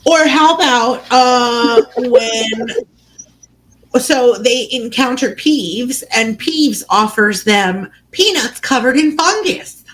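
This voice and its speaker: A slightly high-pitched woman co-hosts a casual book chat podcast. She talks slowly, but her pitch swings widely as she retells scenes and slips into little character voices. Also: expressive, a bit bright, a little hiss or hum, rough recording. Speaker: podcast co-host.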